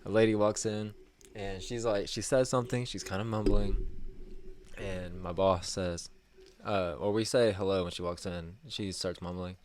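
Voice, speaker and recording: A man's voice: low-pitched, steady tone, normal speed, darkish tone. A young man, co-hosting a podcast and telling a story casually, acting out quotes and laughing often. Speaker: podcast co-host.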